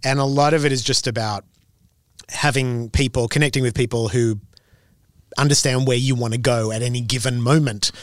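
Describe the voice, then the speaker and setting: A singer-songwriter chats loosely in an interview, often stopping and restarting mid-thought. The recording is close and dry with no room sound. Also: male voice, medium pitch, steady tone, normal speed, no echo. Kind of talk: casual interview answers.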